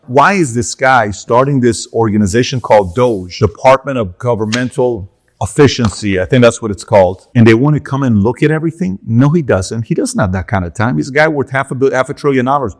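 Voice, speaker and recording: A man giving animated political commentary while walking through charts, emphatic and conversational, with repeated asides to the viewer. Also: medium pitch, a little fast.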